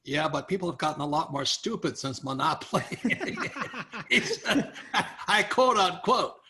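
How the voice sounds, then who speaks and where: Bright-voiced older man telling stories. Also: a little high, measured pace. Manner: animated anecdotes with quoted voices and laughs. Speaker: guest author. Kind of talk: storytelling interview.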